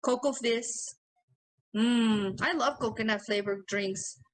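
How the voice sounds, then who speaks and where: A woman's voice: on the high side, slow pace, a little hiss or hum, rough recording. A woman co-hosting a podcast remotely, chatting loosely, swearing and laughing often. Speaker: podcast co-host. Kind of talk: casual chat.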